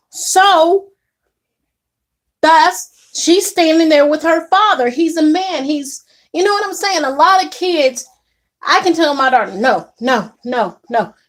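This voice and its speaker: A young woman casually telling an indignant story to camera, animated and quick to act out what others said. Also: sits high. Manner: animated, indignant retelling with acted quotes. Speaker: vlogger.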